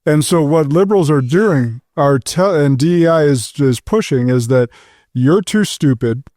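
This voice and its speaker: A man's voice: on the high side, animated, normal speed, darkish tone, no echo, studio quality. A man on a podcast panel making his point in casual chat, emphatic and repeating words as he builds his argument.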